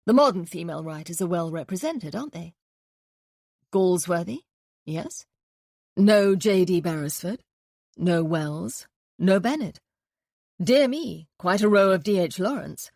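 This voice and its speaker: A woman reading an audiobook, voicing a chatty upper-class gentleman detective with playful drawling asides. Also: lowish voice, animated, unhurried, pauses often, no room sound, clean studio sound. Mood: musing.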